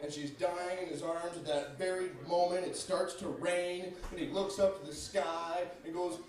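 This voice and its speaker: A man's voice: sits high, fairly even intonation, normal speed, a little mellow. A young man performing a stand-up comedy set in a club, brash and profane, talking straight to the crowd. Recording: echoey club, mic far off.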